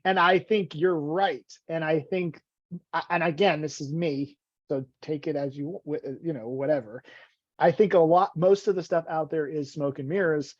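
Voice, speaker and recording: A man's voice: on the high side, moderate pace, no room sound. A man in his forties, a guest in a casual podcast conversation, talks in a rambling, self-deprecating way with many stammered restarts. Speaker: guest, vitality coach. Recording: dull, dry, lo-fi audio.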